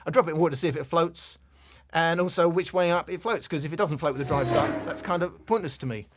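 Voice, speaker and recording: A Londoner with a broad Cockney accent and a slightly raised pitch talks through a gadget review in a casual, blunt way. He drifts into asides and comes back to the product. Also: fast talker, noisy background. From England, London. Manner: chatty, digressive, blunt. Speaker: tech reviewer.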